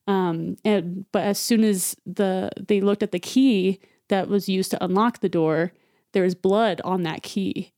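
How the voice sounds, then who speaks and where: Woman podcast co-host, chatty storyteller, smooth clear voice, mid-range pitch. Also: a little mellow. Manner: chatty, many fillers like "um" and "like". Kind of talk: casual storytelling retelling.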